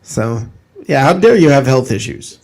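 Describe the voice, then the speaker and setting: A man hosting a casual sports fan panel show, joking in quick back-and-forth banter. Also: medium pitch, big pitch swings, gravelly, darkish tone. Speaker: podcast host.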